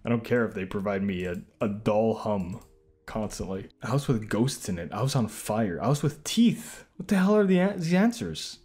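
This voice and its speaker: A man streaming himself taking online quizzes, reacting out loud with sarcastic, self-mocking commentary. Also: lowish voice, animated, normal speed.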